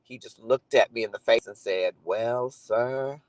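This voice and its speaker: A man's voice: fairly low pitch, a little fast, no room sound, poor audio. A man talking earnestly and reflectively to viewers on a live stream, greeting commenters by name. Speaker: livestream host. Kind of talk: casual live chat to viewers.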